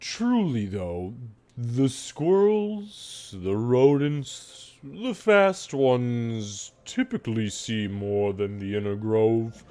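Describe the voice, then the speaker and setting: A man putting on a slow, high-voiced gentle cow. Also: animated. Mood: placid. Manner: slow drawn-out high lilting voice. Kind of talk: voicing a figure in a tabletop game.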